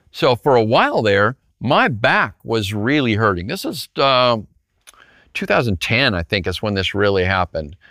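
A man's voice: medium pitch, dry recording, studio quality. A male pastor giving a conversational sermon, telling a personal story and turning often to his listeners with "right?". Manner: animated, talks straight to listeners with frequent rhetorical "right?".

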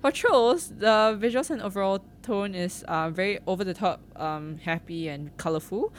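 A woman, co-hosting a casual chat about films. She talks in an animated, giggly way and uses plenty of fillers. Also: mid-range voice, normal speed, a little hiss or hum. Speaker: podcast co-host.

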